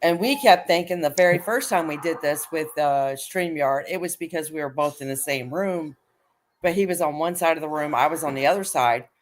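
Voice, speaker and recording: A woman's voice: low voice, a little fast, a little hiss or hum. A woman from Michigan with a Southern accent, hosting a casual livestream chat and acting out quotes as she tells stories. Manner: animated storyteller, acts out quotes. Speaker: channel host. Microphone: computer mic on a livestream.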